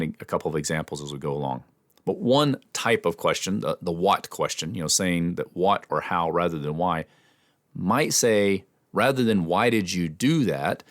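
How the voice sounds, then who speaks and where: A man hosting an instructional podcast, explaining in a measured way with small restarts. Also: low voice, dry recording, clean studio sound. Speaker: podcast host and communication trainer.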